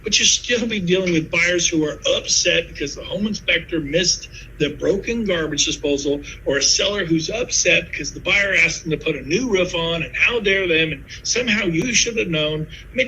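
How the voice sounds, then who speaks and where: A man in his fifties giving a sales pitch to fellow real estate agents, telling stories with lively asides. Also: moderate pace, a little hiss or hum, low-quality recording. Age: 50s.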